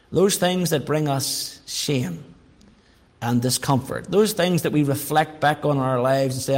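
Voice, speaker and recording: A middle-aged man preaching a sermon in a folksy, humorous way, dropping to quiet asides and rising to emphatic calls. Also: mid-range voice. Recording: long reverb of a large hall.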